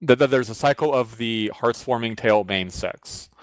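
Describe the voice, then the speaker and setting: A man's voice: mid-range voice, moderate pace, no echo. Man hedging card ratings, dry sound. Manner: hedging, weighs ratings aloud. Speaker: card game podcast co-host. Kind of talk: casual panel discussion.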